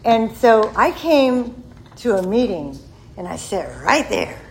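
Woman, 60s, gravelly and a bit high, frank self-mocking testimony. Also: big pitch swings, slow pace, a little mellow, a little hiss or hum, low-quality recording. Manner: candid, self-deprecating storytelling. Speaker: member sharing at a recovery meeting. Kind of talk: personal testimony.

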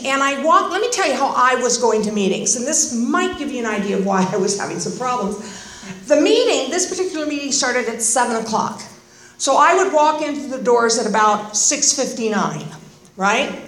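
High-voiced older woman telling a wry story. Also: a bit bright, roomy sound. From Northern California. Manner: humorous, self-deprecating, chatty asides. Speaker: speaker at a recovery meeting. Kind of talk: personal storytelling talk.

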